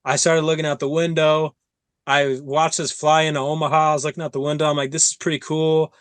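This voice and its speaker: A man hosting an interview podcast, telling stories in an animated way and acting out his own quotes. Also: on the high side, brisk, clean tone, no echo. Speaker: podcast host. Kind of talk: casual interview chat.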